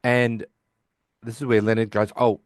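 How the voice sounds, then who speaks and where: Male podcast co-host, somewhat low voice, chatty and meandering as he retells scenes, dry booth sound. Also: lively intonation, normal speed, dry recording. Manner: retells scenes by quoting character lines; rambling, with frequent restarts. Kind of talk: casual episode recap chat.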